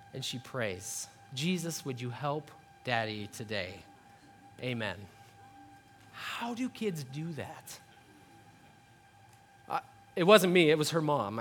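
Lively high-voiced male pastor preaching. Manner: animated storytelling, acts out shouting and voices. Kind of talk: sermon. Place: church sanctuary.

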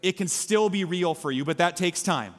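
A man's voice: sits high, moderate pace. A man preaching a sermon as pastor, telling a story earnestly in a church. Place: church sanctuary. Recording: reverberant hall with faint music.

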